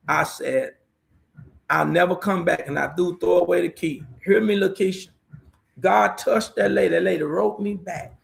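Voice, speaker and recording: A man's voice: high voice, gravelly. A middle-aged man, a pastor telling his life testimony in a preaching storyteller's way. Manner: preaching storyteller, repeats "watch this here". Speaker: pastor guest. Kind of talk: emotional testimony.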